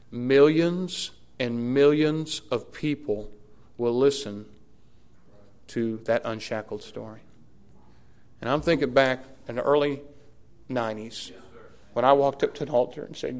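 Animated pastor preaching. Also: male voice, mid-range voice. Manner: animated storytelling with emphatic repetition. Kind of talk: sermon.

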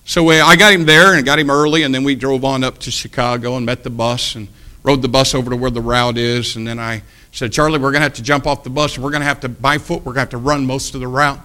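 A middle-aged male preacher telling a story in a sermon, animated and breaking into loud shouts. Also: mid-range voice, fast.

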